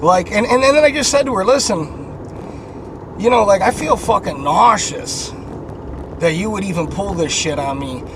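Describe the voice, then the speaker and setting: A man's voice: sits high, lively intonation, moderate pace, background noise. A man telling a candid story about his own life, frank and heavily profane, agitated, with many fillers and sighs.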